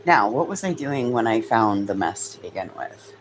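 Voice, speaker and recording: A woman's voice: sing-song, moderate pace, slight background noise, poor audio. A woman chatting casually with viewers, swearing freely. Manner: high sing-song baby talk to her dogs. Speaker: livestream host.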